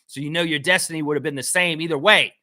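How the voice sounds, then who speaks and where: A man's voice: fairly high pitch, fairly even intonation, fast, sharp tone, no echo, clean studio sound. A man hosting a live sports chat stream, brash and trash-talking, reading viewer comments aloud.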